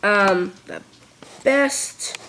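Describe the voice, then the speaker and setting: A woman voicing a boastful, vain male steam engine from a toy train story, speaking slowly with hesitations. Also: medium pitch, gravelly, a bit bright, echoey room, exaggerated voice, rough recording.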